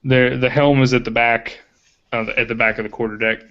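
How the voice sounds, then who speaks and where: A man acts as game master, describing the scene in a relaxed, halting way with plenty of ums. His pitch sits in the middle range. The recording is dull and lo-fi. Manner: casual, hesitant, many fillers. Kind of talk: narrating a tabletop game. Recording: muffled lo-fi recording.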